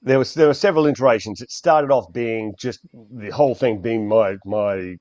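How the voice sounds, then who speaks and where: A middle-aged man with an Australian accent, a guest in a casual interview, talking in a rambling, halting way and swearing often. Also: medium pitch, a little mellow, no echo. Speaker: guest author. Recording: dull, dry lo-fi audio.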